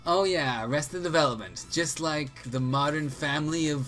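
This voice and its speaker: A man's voice: fairly high pitch, normal speed, a bit bright, soft background music. A young man co-hosting a game let's play, chatting casually, rambling and joking at his own expense. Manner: joking, rambling, self-deprecating. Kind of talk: casual chat over gameplay.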